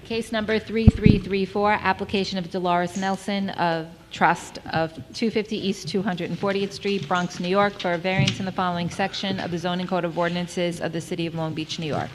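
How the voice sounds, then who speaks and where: A woman clerk recites case numbers and addresses in a formal, measured tone. Her voice sits slightly low. The meeting recording carries clear background noise. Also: steady tone. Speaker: board clerk. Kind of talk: reading case records aloud.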